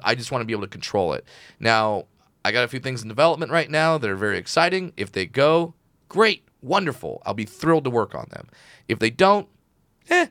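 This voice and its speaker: A man from Southern California, a comedian guest on an interview show, telling animated stories and acting out the people in them. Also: medium pitch, dry recording. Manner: animated storyteller, acts out quotes. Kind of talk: casual interview chat.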